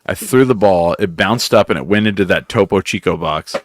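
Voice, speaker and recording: Low-voiced joking man in a studio. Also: a little fast, no echo. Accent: American. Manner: joking, swearing, teasing. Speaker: radio show host. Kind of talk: casual studio banter. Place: radio studio. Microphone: studio mic.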